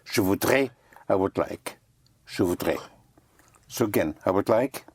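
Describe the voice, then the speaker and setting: A man's voice: lowish voice, expressive, a little slow, husky, no room sound. A man teaching French vocabulary, patiently repeating each word and spelling it out letter by letter. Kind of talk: language lesson.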